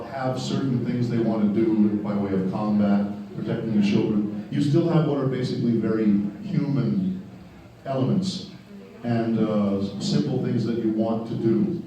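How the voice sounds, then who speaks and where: A man talks candidly and wryly about his work as a voice actor to a panel audience. His voice is deep-toned and very dark. The sound bounces around a large echoey hall, and he stands well back from the mic. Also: recorded from a distance, dull audio. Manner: candid, chatty and wry. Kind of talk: panel Q&A storytelling.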